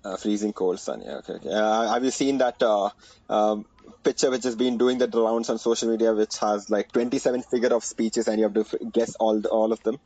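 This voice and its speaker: A man's voice: on the low side, brisk, warm tone, poor audio. A man with an Indian accent hosting a casual basketball podcast, joking around and often restarting his sentences. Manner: playful, rhyming intro, frequent restarts. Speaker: podcast host.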